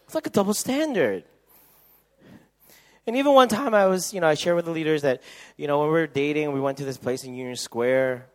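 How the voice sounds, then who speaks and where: A man speaking at a youth camp, telling funny stories sermon-style and acting out other people's voices with loud shrieks. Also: a little high, brisk. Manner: animated, acts out quoted voices with loud shrieks. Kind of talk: humorous sermon storytelling.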